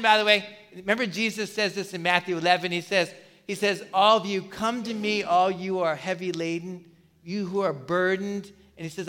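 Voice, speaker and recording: A man preaching a sermon in a conversational, energetic way, often restarting his words. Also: sits high. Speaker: pastor.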